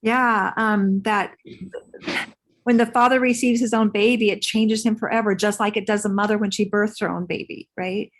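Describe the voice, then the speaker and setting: A woman's voice: mid-range voice, fairly even intonation, moderate pace. A woman birth professional steadily explaining a topic on a video call.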